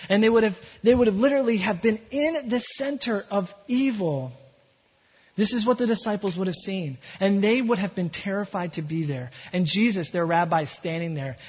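A man's voice: sits high, husky. A man preaching a sermon as pastor, telling the scene like a story and building to impassioned emphasis. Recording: echoey hall, dull lo-fi sound.

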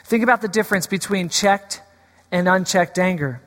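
A man's voice: high-pitched, moderate pace, a bit bright. A man preaching a sermon as a pastor, playful and teasing at first, then earnest. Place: church sanctuary. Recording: long hall reverb.

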